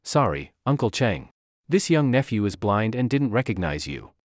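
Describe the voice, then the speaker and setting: A man's voice: lowish voice, sing-song, normal speed, no room sound, studio quality. A man voicing a sly young lord who pretends to be blind, pleading in a wheedling, mock-pitiful way.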